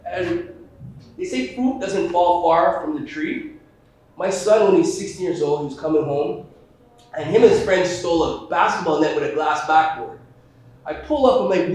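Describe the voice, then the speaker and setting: A man's voice: a little high, moderate pace, slight background noise. A man from Jamaica doing a stand-up comedy set, telling stories and acting out the people in them. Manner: animated storytelling, acts out quotes. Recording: echoey room from far off.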